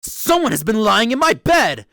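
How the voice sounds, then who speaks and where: A man voicing a great big bear in a storybook, speaking in a rough, gruff voice. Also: high voice, very animated, normal speed, bright, forceful tone, dry recording, studio quality, pitched above the performer's own voice, full character voice. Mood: indignant.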